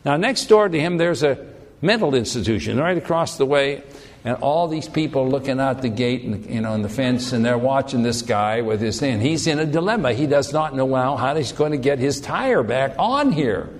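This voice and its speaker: A man's voice: medium pitch, animated, moderate pace. A man teaching a conversational sermon, telling stories in a folksy, rambling way with frequent restarts. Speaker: Bible teacher. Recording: long hall reverb.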